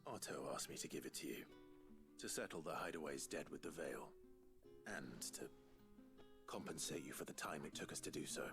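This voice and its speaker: An actor voicing an earnest young lord who speaks in a measured, sincere way in a video game. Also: male voice, extremely low pitch, expressive, vocal fry, music in the background, heavily acted. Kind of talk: game voice acting.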